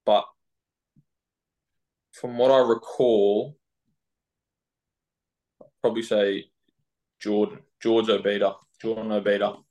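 A young man with an Australian accent, chatting loosely as a footballer guest on a podcast, laughing easily. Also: lowish voice. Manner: relaxed, laughing, halting with fillers. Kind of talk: casual podcast interview.

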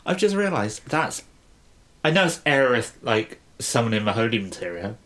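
A man's voice: mid-range voice, sing-song, moderate pace, fairly bright tone. Laid-back tipsy man. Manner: laid-back, laughing, swears casually. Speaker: podcast host. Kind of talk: casual chat.

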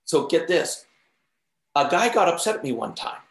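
Lively man telling stories, roomy echo. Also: on the high side, moderate pace. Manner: animated, acts out the voices in his stories. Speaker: interview guest. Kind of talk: casual storytelling.

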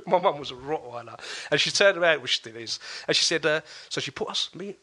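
A man, a podcast guest telling a story in casual chat, animated and laughing often. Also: fairly high pitch, moderate pace, breathy edge. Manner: animated, acts out quoted voices, laughs often.

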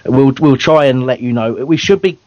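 A man's voice: medium pitch, moderate pace, darkish tone, no echo. A man hosting a fan radio show in casual banter, chatty and self-deprecating, laughing often. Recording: dull, dry lo-fi recording.

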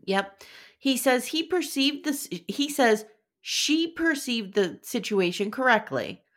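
A woman's voice: a little high, very animated, slow, a bit bright. A woman hosting a casual podcast chat, sarcastic and blunt, swearing freely as she recaps a show.

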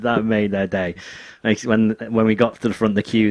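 A man's voice: on the low side, fairly even intonation, moderate pace, hardly any pauses, a little hiss or hum. A man from England in casual podcast chat, telling stories with dry asides.

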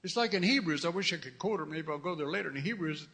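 A man's voice: on the high side, animated, fast talker, fairly bright tone, husky. A middle-aged man preaching a fervent sermon as pastor, repeating his phrases and calling out hallelujahs. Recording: long reverb of a large hall.

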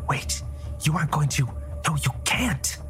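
Man playing nervous young scout, halting, jumpy, unsure, storybook figure. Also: fairly high pitch, expressive, over music, pitched above the performer's own voice. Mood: alarmed.

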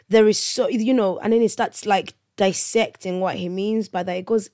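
A woman's voice: medium pitch, steady tone, normal speed, few pauses, dark tone, dry recording, studio quality. A woman, hosting a podcast and telling a personal testimony in an earnest, conversational way that turns preachy, checking in with listeners. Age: 30s. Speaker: podcast host.

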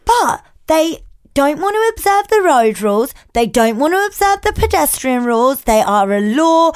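A woman co-hosts a casual chat show and rants freely, swearing often. Her voice sits high. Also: big pitch swings, moderate pace, a little mellow. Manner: crude, ranting, sweary. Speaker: podcast co-host.

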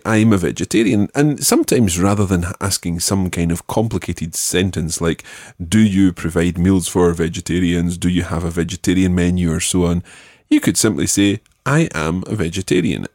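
A male language teacher leading a spoken lesson, patiently modelling words slowly and clearly. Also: low-pitched, a little mellow, no echo, studio quality.

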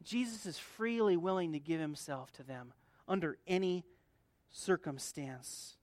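A man's voice: a little high, measured pace, no room sound. Conversational preaching man, dry sound. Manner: conversational, swings between soft asides and loud emphatic build-ups, laughs often. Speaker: pastor. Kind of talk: sermon.

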